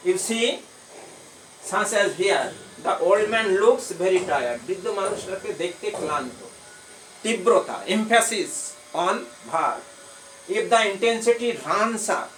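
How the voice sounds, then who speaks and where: A man's voice: sits high, fairly bright tone. A man with a Bengali accent, a college English teacher giving an online grammar lecture, repeating points and translating phrases. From India. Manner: repetitive, explains then translates phrases. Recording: echoey room, faint background hum.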